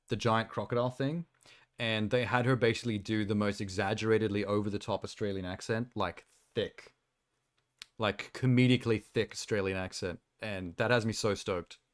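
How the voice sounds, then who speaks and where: Male streamer, slightly low voice, loose rambling chat reacting to trailers with easy laughs. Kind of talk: casual live-stream chat. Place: home streaming setup.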